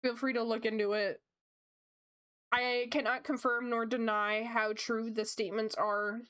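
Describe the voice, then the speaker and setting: A young woman chatting casually as she draws on a livestream, bubbly and gushing with quick asides. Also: fairly high pitch, flat delivery, fairly bright tone, smooth. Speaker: streamer. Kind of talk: casual chat while drawing.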